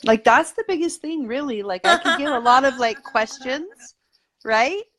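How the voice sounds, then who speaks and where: Upbeat, chatty woman, higher voice. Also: expressive, normal speed, a bit bright. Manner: eager, talkative, peppered with "like". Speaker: guest. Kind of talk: casual conversational interview.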